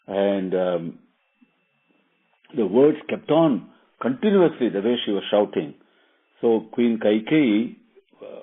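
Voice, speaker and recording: A man's voice: lowish voice, slightly rough. A man telling a religious epic as a casual lesson, meandering and savoring details. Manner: meandering, with fillers and restarts, relishing details. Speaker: storyteller and teacher. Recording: tinny phone-like line.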